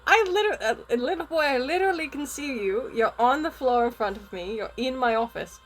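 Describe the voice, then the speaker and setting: A woman's voice: high-pitched, expressive, brisk, poor audio. Woman doing a scolding school principal. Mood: stern. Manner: indignant, scolding.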